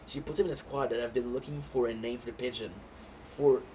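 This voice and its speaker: Excitable man gushing over a show. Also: mid-range voice, fairly quick. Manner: excitable, gushing, many fillers and restarts. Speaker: host reacting to a TV series. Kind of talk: casual reaction recap. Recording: dull lo-fi sound with clear background noise.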